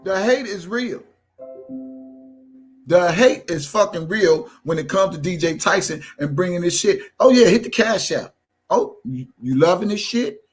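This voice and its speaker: A man's voice: high-pitched, lively intonation, measured pace, husky, faint music behind, low-quality recording. A man hosting a livestream, ranting in a mocking, repetitive, profane way. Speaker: livestream host. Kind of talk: heated livestream rant.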